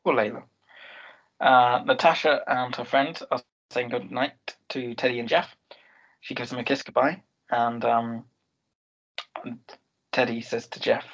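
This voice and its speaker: A man's voice: mid-range voice, steady tone, a little slow, pauses often, fairly bright tone, dull audio. A man co-hosting a casual podcast, retelling a TV episode scene by scene and quoting the characters' lines. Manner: storytelling recap with many "um"s and quoted lines. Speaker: podcast co-host recapping a TV episode. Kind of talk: casual chat.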